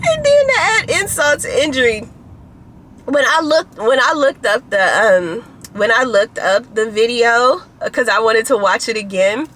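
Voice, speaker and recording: A woman's voice: a little high, animated, a little slow, fairly bright tone, slight background noise. A woman vlogging casually to a camera on a tripod, chatty and laughing often as she tells stories.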